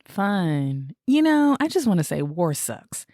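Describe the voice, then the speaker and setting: A woman co-hosting a casual podcast, talking in exasperated, animated rants with swearing. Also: fairly low pitch, slow pace, no echo, studio quality. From Michigan, USA. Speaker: podcast co-host.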